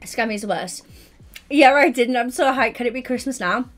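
With soft background music, a young woman whose voice leans high talks to her livestream audience on a headset. She's chatty and bubbly, giddy despite obvious tiredness and yawns, and responds to chat in quick asides.

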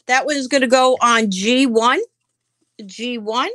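Woman, live-stream auction seller, unhurried chatty delivery, slightly high voice. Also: fairly bright tone, dry recording. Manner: chatty, answers viewer comments by name; describes items aloud as she handles them. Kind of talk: casual live-stream selling.

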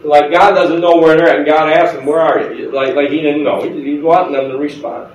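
A man's voice: on the high side, little pitch movement, fairly quick, a little hiss or hum. A man preaching a conversational sermon as pastor, asking the congregation questions and laughing often. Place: church sanctuary with congregation. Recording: roomy church sound, mic at a distance.

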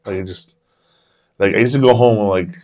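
A man's voice: fairly low pitch, normal speed, darkish tone. A man co-hosting a podcast, telling a long personal story in a rambling, casual way and swearing freely. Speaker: podcast co-host. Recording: dull lo-fi podcast audio.

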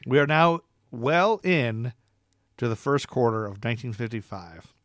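A podcast co-host with a medium-pitched, fairly bright voice and lively intonation speaks unhurriedly in a casual chat, rambling and joking with lots of fillers. The recording is dry and clean, with studio sound.

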